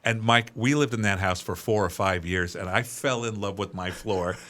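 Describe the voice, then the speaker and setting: A middle-aged man co-hosting a podcast, chatting casually and telling animated stories, laughing as he talks. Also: fairly low pitch, normal speed. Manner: animated storyteller, laughs while talking. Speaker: podcast co-host. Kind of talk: casual chat.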